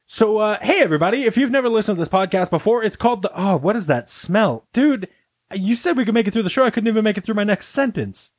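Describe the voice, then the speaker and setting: A man hosting a casual comedy podcast, loud and goofy, laughing often between lines. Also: sits high, animated, fast. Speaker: podcast host.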